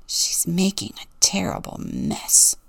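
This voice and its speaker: A woman voicing an easily angered young male animal with a horn in a storybook reading, grumbling and yelling. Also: fairly low pitch, slow, gravelly, heavily acted.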